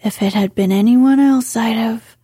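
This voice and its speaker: A woman voicing a sulky, proud young gentleman in a soft, slow whispered role-play reading. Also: on the high side, husky, dry recording, studio quality.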